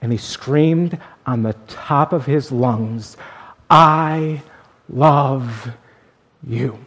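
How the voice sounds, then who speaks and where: A male pastor telling a story in a sermon, earnest, swinging between emphatic and hushed. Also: mid-range voice, extremely slow.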